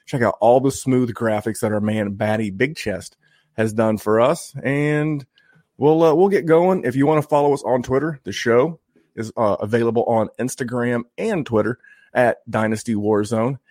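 A chatty man from Indiana opens his fantasy football podcast, joking and restarting his sentences as he goes. His voice sits at a middle pitch. It is recorded close and dry, with no room sound. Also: moderate pace, darkish tone, dry recording. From Indiana, USA. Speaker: podcast host. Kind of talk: casual podcast intro.

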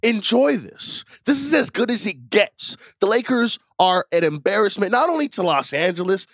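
Brief: male guest, high and animated voice, dry close sound, exasperated rant. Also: normal speed, no echo. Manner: exasperated, ranting, rhetorical questions. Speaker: guest ranting about his team. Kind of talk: comedic rant segment.

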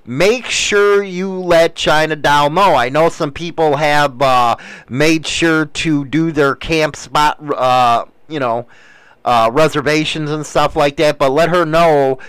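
A man's voice: on the high side, slow, fairly bright tone, clear, resonant tone, dry recording, poor audio. An older man hosting a show, delivering a blunt, crude, ranting monologue in casual talk.

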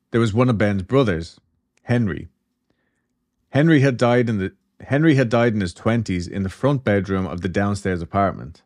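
A man's voice: lowish voice, a little mellow. A man hosting a podcast, telling a story in a loose, chatty way, with swearing and asides. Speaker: podcast host. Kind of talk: casual storytelling chat.

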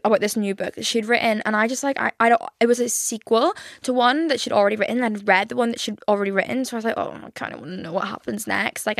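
A woman's voice: fairly high pitch, a bit bright, no room sound, studio quality. A woman, rambling through casual solo podcast chat and swearing freely. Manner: chatty, rambling and swears a lot. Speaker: podcast host.

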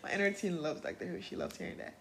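A young woman hosting a self-help podcast, talking in an earnest, animated way, laughing often and swearing casually. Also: lowish voice, fast, creaky, echoey room, a little hiss or hum, low-quality recording. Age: young adult. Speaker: podcast host.

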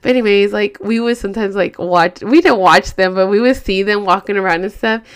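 A woman's voice: medium pitch, a little fast, clean tone. A woman hosting a podcast, telling a story in a rambling, profane, casual way full of fillers. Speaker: podcast host.

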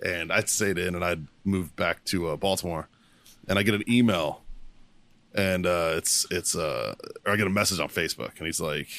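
A man's voice: low-pitched, normal speed, creaky, fairly bright tone. A man hosting a podcast, telling a crude war story in casual chat, swearing and laughing a lot. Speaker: podcast host, Marine veteran.

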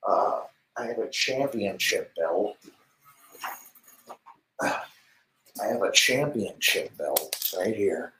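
Brash low-voiced man ranting on a stream. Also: animated, takes it slowly, long pauses, slight background noise, poor audio. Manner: brash and boastful, swearing, swings between loud ranting and hushed whispering. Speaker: live streamer. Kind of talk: rambling hyped-up monologue. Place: home office. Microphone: desk mic in home office.

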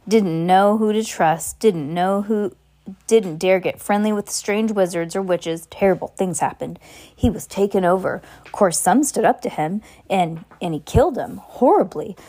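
A big, gruff and kindly giant of a man, as a woman reader puts him on, talking in a folksy country dialect that drops its endings. His voice sits at a middling pitch for the reader, plainly an audiobook character voice rather than a full performance. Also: a little mellow, lightly acted. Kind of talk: amateur audiobook reading.

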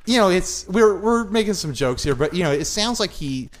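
A man co-hosting a casual podcast chat, with joking asides and quick interjections. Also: high voice, lively intonation. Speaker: podcast co-host.

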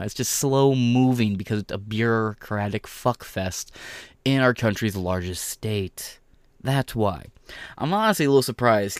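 A man's voice: mid-range voice, no echo. A young man ranting through sarcastic, profane political commentary and reading a press release aloud.

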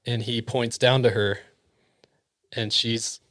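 A man at an average pitch tells an eerie tale in a relaxed, chatty way. He acts out the people in the story and often sinks to a soft, hushed near-whisper. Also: slow. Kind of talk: casual spooky storytelling.

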